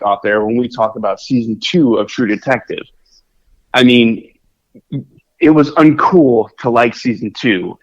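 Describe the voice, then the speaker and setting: A man talks in a casual podcast chat, rambling through fillers and restarts. His pitch swings widely as he gets animated. The recording sounds dull and lo-fi. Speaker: podcast co-host. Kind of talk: casual chat about films.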